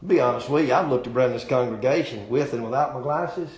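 Casting: preacher man, comic storyteller, shouts punchlines, recorded from afar in a booming church hall. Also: fast, distant mic, muffled recording. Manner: joking storyteller, often shouting. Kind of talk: comic sermon. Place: church sanctuary.

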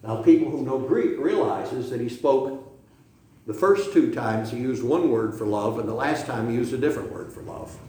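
A man's voice: medium pitch, lively intonation, moderate pace, dark tone. A middle-aged man preaching a sermon as pastor, emphatic, firing rhetorical questions and tagging points with "okay?". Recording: very echoey room.

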